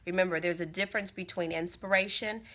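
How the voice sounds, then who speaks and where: Bright-voiced woman giving an encouraging livestream talk. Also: lowish voice, steady tone, fast talker. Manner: earnest, encouraging, repeats phrases. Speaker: motivational speaker. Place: Tampa. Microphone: phone.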